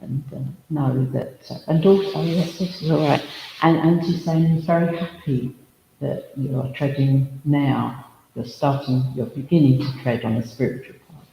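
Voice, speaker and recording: A man's voice: a little high, steady tone, normal speed, creaky, warm tone, muffled recording. A man working as a spiritualist medium, giving a chatty, humorous demonstration at a service in a village hall. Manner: chatty and humorous, full of asides and anecdotes. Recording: echoey hall reverb, faint noise.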